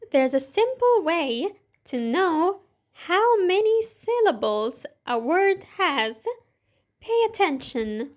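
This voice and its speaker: Woman teacher doing an english pronunciation lesson, really slow and careful, bouncy voice. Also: high voice. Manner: slow, deliberate, instructive delivery.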